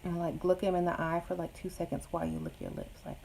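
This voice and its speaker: A woman's voice: lowish voice, sing-song, fast talker, vocal fry, a little mellow, a little hiss or hum, rough recording. A woman casually giving blunt, sassy dating advice to viewers, with joking asides. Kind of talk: casual advice chat answering viewer questions.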